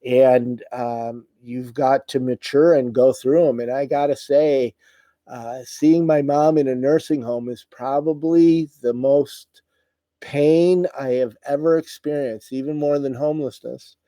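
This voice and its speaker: A middle-aged man chats with viewers on a livestream, tired and stumbling through his words with many fillers. His voice is mellow and warm, recorded close and dry with no room sound. He sounds emotional and worn out. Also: mid-range voice, steady tone, a little slow, no echo. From United States. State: tired, voice wearing out. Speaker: livestream host. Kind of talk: casual live chat reading viewer comments.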